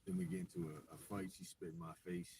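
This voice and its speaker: A man's voice: deep voice, little pitch movement, fast talker. Rambling man telling a story from afar. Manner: rambling, restarts, acts out quotes. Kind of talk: casual live-stream storytelling. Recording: distant mic with clear background noise.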